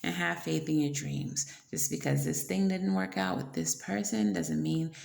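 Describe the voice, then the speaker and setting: A woman giving a casual tarot reading, blunt and playful, swearing now and then between soft fillers. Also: sits low, steady tone, moderate pace, vocal fry, reverberant. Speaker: tarot reader.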